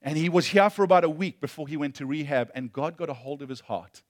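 A male pastor preaching a sermon, impassioned, moving between loud emphasis and hushed storytelling. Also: a little high, quick pace, no room sound, clean studio sound.

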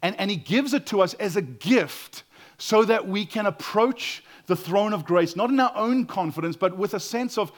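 Earnest man preaching, drops quiet. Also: high voice, expressive, normal speed. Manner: earnest, acts out quotes, drops to quiet for emphasis. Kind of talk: sermon.

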